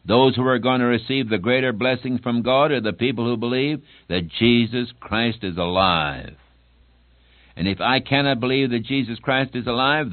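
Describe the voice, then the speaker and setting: An earnest male preacher delivers a sermon with steady emphasis, dragging out key words to drive them home. The recording is thin and tinny like a phone line, and dry with no room sound. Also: medium pitch, no room sound.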